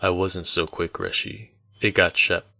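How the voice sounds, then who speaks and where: A man's voice: low voice, fairly even intonation, unhurried, vocal fry, bright, forceful tone, no echo, studio quality, full character voice. A man voicing a playful young male innkeeper's assistant who talks in a lilting, teasing way. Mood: subdued.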